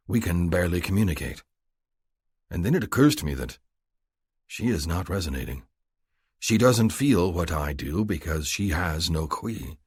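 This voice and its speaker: A man narrating a story in first person, with a measured, grave delivery. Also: deep voice, slightly rough, no echo, clean studio sound. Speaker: audiobook narrator.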